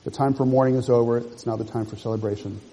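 A man's voice: mid-range voice, steady tone, warm tone, slightly rough, in a large hall, poor audio. A man preaching a sermon, working through a passage verse by verse and explaining it to the congregation. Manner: measured expository preaching, rereads and explains verses. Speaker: pastor.

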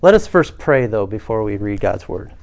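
A man's voice: lowish voice, sing-song, normal speed, gravelly. A male pastor preaching a sermon, telling a story and inviting the congregation to respond.

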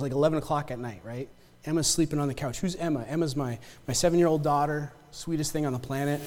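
In a church sanctuary with long reverb, a man whose high voice has a darkish tone gives a chatty sermon. He often repeats himself and prompts the congregation with "right?" and "amen?".

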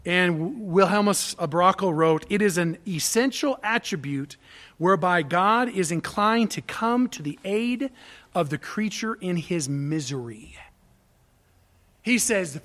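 With a high, animated voice and an unhurried delivery, this man preaches a sermon as pastor. He shifts from booming statements to quiet asides, emphatically raising questions and then supplying his own answers.

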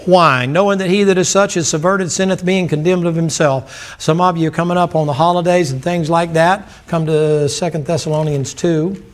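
A man's voice: on the high side, normal speed. A man, preaching a sermon in a folksy, joking manner. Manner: folksy, animated preaching with jokes. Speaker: pastor.

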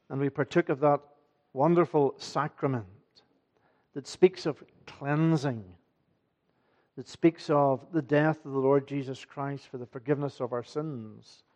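A man's voice: on the high side, fairly even intonation, a little slow, long pauses, darkish tone, lo-fi sound. A man preaching an evening sermon to his congregation, earnest and emphatic, often asking rhetorical questions. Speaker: pastor. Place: church.

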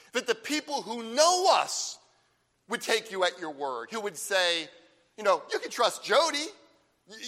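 Man, pastor, sermon, animated pitch, emphatic, long reverb. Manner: emphatic preaching with slow, stressed phrases and rhetorical questions.

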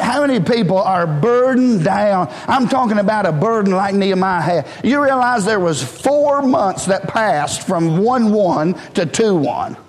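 Pastor preaching, high voice, blunt and folksy, church hall echo. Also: male voice. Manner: folksy, blunt and self-deprecating, joking with the congregation. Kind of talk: sermon. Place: church sanctuary.

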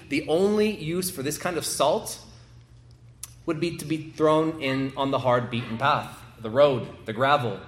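A man preaching an expository sermon, building to emphatic swells and slowing down to stress key phrases. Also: medium pitch. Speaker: pastor. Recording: echoey room.

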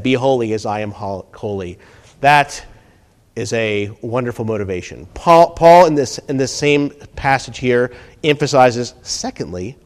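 A middle-aged or older man preaching a sermon, swinging between hushed and emphatic delivery and repeating key phrases. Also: medium pitch.

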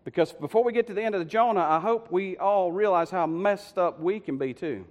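A man preaching a sermon, telling the story with lively, conversational asides to the congregation. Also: sits high, fairly quick. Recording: long hall reverb.

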